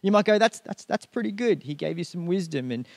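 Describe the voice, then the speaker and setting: A man's voice: high-pitched, lively intonation, a little fast, gravelly, no echo, studio quality. A man preaching a sermon in a loose, conversational way, full of fillers and restarts. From India. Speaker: pastor.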